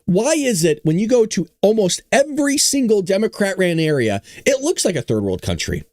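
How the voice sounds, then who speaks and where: A man from California hosting a casual political commentary livestream, talking in an animated, sarcastic way with mock-dumb asides. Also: sits high, normal speed, few pauses, no echo, studio quality. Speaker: host of a livestreamed political talk show.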